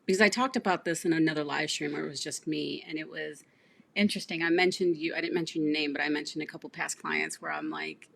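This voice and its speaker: A woman's voice: low-pitched, steady tone, fast talker, vocal fry, a bit bright, a little hiss or hum. A woman business coach hosting a livestream, chatting casually and telling client stories with acted-out dialogue. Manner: storytelling, acts out client dialogue, laughs often.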